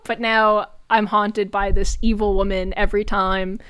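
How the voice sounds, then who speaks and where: A young adult woman streamer telling a story in casual chat, animated, swearing often and laughing between lines. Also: mid-range voice, takes it slowly, pauses often, clean tone, no room sound.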